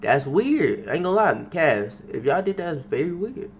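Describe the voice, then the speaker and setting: A young man in his twenties hosting a reaction video, animated, slangy and swearing freely. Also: fairly high pitch, moderate pace, a little hiss or hum. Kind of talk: casual reaction commentary.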